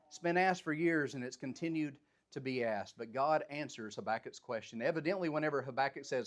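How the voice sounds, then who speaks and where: A man's voice: mid-range voice, brisk. A man teaching a Bible study, reading scripture aloud and then paraphrasing it in plain, everyday speech. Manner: animated, voices the prophet's complaints with rising intensity.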